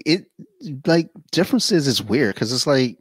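A man chatting casually as a podcast guest, telling blunt, profane stories with animated quoted asides. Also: medium pitch, a little slow, breathy edge, dry recording. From Saudi Arabia.

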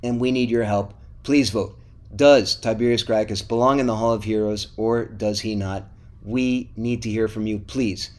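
A man's voice: lowish voice, fairly even intonation, normal speed, a little mellow. A middle-aged man co-hosting a podcast, wrapping up the episode in a casual, upbeat way and pleading with listeners to vote and leave reviews. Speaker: podcast co-host.

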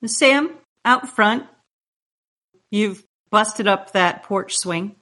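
A woman narrates a tabletop horror game as its game master, laying out scenes in calm, descriptive second person. Her voice sits at an ordinary middle pitch.

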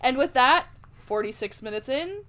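Higher-voiced young woman, giggly podcaster. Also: expressive, normal speed, a bit bright, slight background noise. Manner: rambling, giggly, profane. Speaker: podcast co-host. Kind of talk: casual chat.

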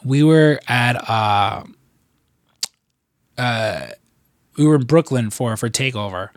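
A man's voice: mid-range voice, slow pace, no room sound, studio quality. A man co-hosting a podcast, telling stories in a loose, profane way with lots of fillers. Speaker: podcast co-host. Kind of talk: casual chat.

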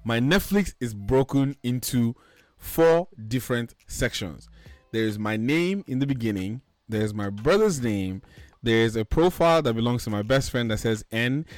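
A man's voice: mid-range voice, expressive, normal speed, no echo. A man hosting a podcast in casual chat, ranting animatedly and swearing freely. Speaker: podcast host.

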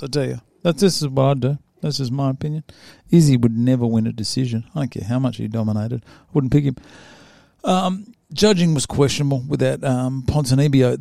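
A man's voice: mid-range voice, gravelly, mellow, dry recording, clean studio sound. A man casually rambling through fight predictions, stumbling over names and mocking himself. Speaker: MMA fight predictions host.

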